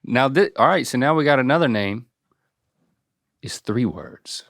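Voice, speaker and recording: A man's voice: mid-range voice, lively intonation, unhurried, a bit bright. Playful man spelling words out. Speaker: podcast co-host, son quizzing his father. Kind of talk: casual chat.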